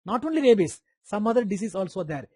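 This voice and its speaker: A man's voice: sits high, big pitch swings, fast talker, darkish tone, dry recording. A man with an Indian English accent giving an online medical lecture, quizzing students by name and repeating key terms.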